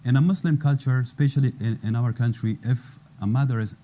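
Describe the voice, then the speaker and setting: A man's voice: mid-range voice, brisk, dark tone. A man in his thirties from Afghanistan with an Afghan accent, speaking broken English as he gives earnest personal testimony on a panel. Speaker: former interpreter, panel guest.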